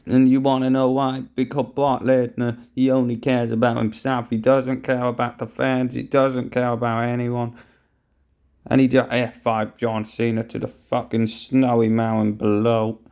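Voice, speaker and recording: Slow, outraged male wrestling commentator. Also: medium pitch, monotone, darkish tone. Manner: outraged, swearing, addressing viewers as guys. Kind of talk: play-by-play wrestling game commentary.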